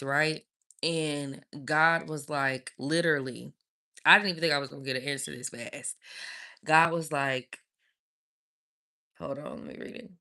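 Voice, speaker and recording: A woman with a low, voice preaches to her live-stream audience. She speaks with emphatic conviction and calls her listeners "y'all". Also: pushed and bright.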